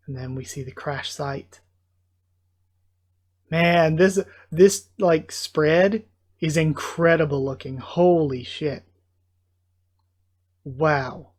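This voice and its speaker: A man's voice: fairly high pitch, takes it slowly, pauses often. A man hosting a casual manga readthrough, narrating and reacting with emotional exclamations. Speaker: channel host.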